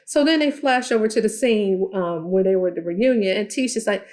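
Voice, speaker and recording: A sassy young woman gives a casual, animated recap of a TV episode. She calls her listeners "child" and "y'all". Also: medium pitch, fairly quick, hardly any pauses. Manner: sassy, animated storytelling with playful quoted voices. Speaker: TV recap vlogger.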